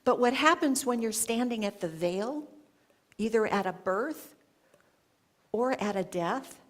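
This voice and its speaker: Slow, reflective woman giving a sermon. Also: fairly high pitch, expressive. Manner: slow, reflective storytelling with long pauses. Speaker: guest speaker. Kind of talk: spoken sermon with personal story. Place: church sanctuary.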